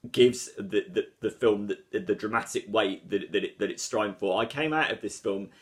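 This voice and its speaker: A man reviewing a film to camera. He is articulate and emphatic, and he doubles up words for stress. His voice sits a little low. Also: moderate pace. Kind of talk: solo video review.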